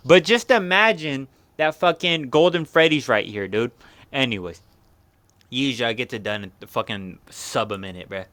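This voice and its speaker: A man's voice: medium pitch, animated, normal speed, a bit bright, dry recording. A young man hosting a casual fight recap, rambling along in slang and constant swearing.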